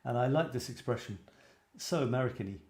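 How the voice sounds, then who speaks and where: Fast-talking and lively, with a mid-range, darkish voice, a British man chats casually on his photography livestream, wandering off on self-deprecating tangents. The recording has an echoey room sound.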